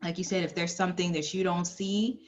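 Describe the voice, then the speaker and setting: Low-voiced woman host, lo-fi sound. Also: steady tone, a little fast, a little hiss or hum. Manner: conversational, frank, laughs easily. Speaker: interviewer, host. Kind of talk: casual interview chat. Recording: dull lo-fi sound.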